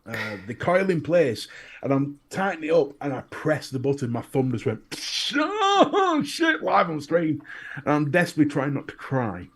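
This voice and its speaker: A man with a Northern English accent, co-hosting a casual chat and telling animated stories with plenty of swearing. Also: medium pitch, fairly quick, breathy edge. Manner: animated storyteller, swears freely. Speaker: podcast co-host.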